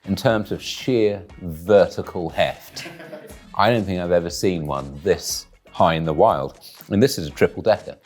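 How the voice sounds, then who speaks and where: Deadpan man with a low, husky voice, dry and wordy, in a studio. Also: measured pace, soft background music. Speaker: guest taste-testing food. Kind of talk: deadpan comic commentary.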